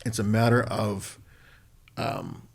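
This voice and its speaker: A middle-aged man co-hosting a podcast, talking in a thoughtful, halting way with restarts. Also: fairly low pitch, little pitch movement, gravelly. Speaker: podcast co-host. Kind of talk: casual conversation.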